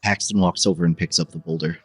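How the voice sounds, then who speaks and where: A man taking part as a player in a tabletop role-play, asking relaxed, thoughtful questions. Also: low voice, quick pace, husky, no echo.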